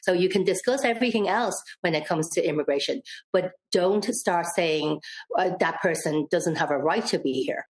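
A woman's voice: lowish voice, moderate pace, poor audio. A woman in a debate clip, earnest and arguing her point.

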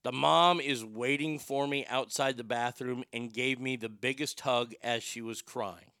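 A male radio host tells personal stories in a loose, rambling way, cursing freely and leaning into dark humor. His voice is bright and crisp, and the recording is dry and close. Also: mid-range voice, steady tone, a little slow, no room sound. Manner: rambling, profane, darkly humorous. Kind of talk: casual storytelling monologue.

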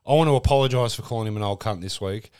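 A man's voice: fairly low pitch, racing, darkish tone, clean tone. Blunt, sweary Australian man. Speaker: podcast co-host. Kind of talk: casual chat.

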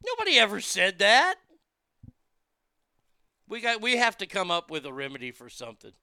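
A man's voice: high voice, huge pitch swings, normal speed, bright, forceful tone, clear, resonant tone, no room sound, studio quality. A man hosting a show, delivering a crude, mocking comedic monologue that rambles with restarts. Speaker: radio show host.

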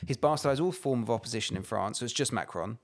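A man tears through his points at a rapid clip, swearing freely and hammering each point home. He co-hosts a casual podcast, and his voice sits at a middling pitch. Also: lively intonation. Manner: swears a lot, heated and emphatic. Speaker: podcast co-host. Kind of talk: casual political chat.

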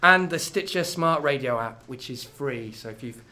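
A man's voice: medium pitch, lively intonation, bright, forceful tone. A man hosting a comedy night, reading closing announcements with hesitant fillers. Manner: hurried plugs with filler ums.

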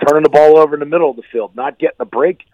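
A man speaking as a guest football analyst on a radio show, giving blunt and animated opinions over a remote line. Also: a little high, rapid-fire, dry recording. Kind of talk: casual sports radio chat. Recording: dull lo-fi line, dry.

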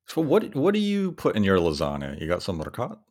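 A man with a very low voice chats in an easygoing, casual way. His pitch still rises and falls a lot as he talks. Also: huge pitch swings, a little fast, darkish tone. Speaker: podcast co-host. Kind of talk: casual chat.

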